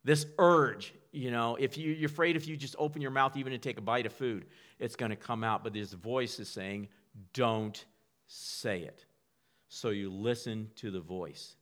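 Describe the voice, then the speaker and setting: A man's mid-range voice moves at a normal speed with hardly any pauses as he gives a conversational sermon. Repetitions and restarts are common, and at times he whispers a line to portray a quiet inner voice.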